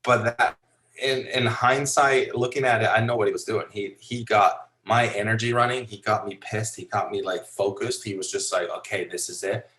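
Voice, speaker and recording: Low-voiced man telling loose stories. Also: moderate pace, low-quality recording. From Finland. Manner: animated, loose storytelling with many fillers. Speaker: podcast guest. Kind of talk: casual storytelling interview.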